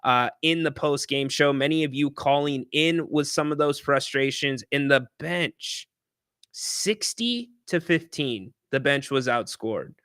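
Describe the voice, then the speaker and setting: Male sports host, animated and chatty with a punchy bright voice, dry room sound. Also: mid-range voice, unhurried, clean tone, dry recording. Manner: animated, chatty, reads viewer chat aloud. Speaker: sports talk show host. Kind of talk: casual sports talk livestream.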